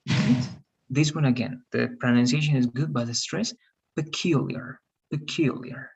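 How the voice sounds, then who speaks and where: Husky teacher giving patient feedback. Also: mid-range voice, moderate pace. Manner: encouraging, correcting pronunciation patiently. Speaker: English teacher. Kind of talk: online class feedback.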